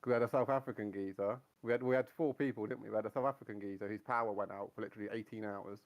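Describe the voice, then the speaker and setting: A man's voice: fairly low pitch, fairly even intonation, rapid-fire. A man chatting as a sim racing teammate, rambling and blunt, swearing freely. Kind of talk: casual chat.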